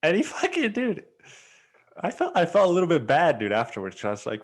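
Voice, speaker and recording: Animated, swearing man telling a story. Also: on the high side, a little fast. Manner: profane, animated, slangy, says "dude" often. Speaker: podcast host. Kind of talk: casual storytelling monologue.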